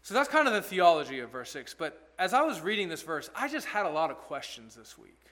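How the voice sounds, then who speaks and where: A man's voice: fairly high pitch, big pitch swings, brisk, pushed and bright. A male pastor giving an expository sermon in an earnest, conversational way, asking rhetorical questions.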